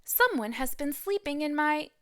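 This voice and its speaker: A woman's voice: high-pitched, expressive, moderate pace, a bit bright, no room sound, studio quality, voice pushed up. A woman doing a grumbling papa bear. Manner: growling complaint.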